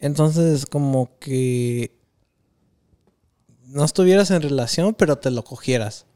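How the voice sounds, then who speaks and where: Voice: mid-range voice, moderate pace, warm tone. Teasing young adult, casual talk. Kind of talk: casual chat with friends.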